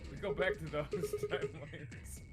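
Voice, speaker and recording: A young man hosting a let's play, chatting casually over a game in an excitable, jokey way. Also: fairly high pitch, over loud music. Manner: excitable, jokey, quick to laugh. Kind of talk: casual gameplay chat.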